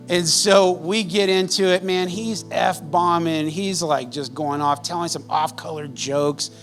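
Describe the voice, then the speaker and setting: A man's voice: a little high, slow pace, long pauses, soft background music. A man preaching a sermon as pastor, telling stories conversationally and laughing often.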